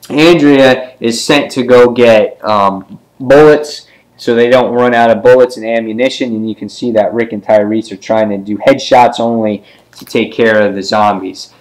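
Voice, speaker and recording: A man talks through a comic book issue in a loose, chatty way, with plenty of ums. Now and then he jumps into a quick voice for a character as he retells a scene. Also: medium pitch, rough recording. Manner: loose and casual, with many ums. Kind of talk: casual comic book review.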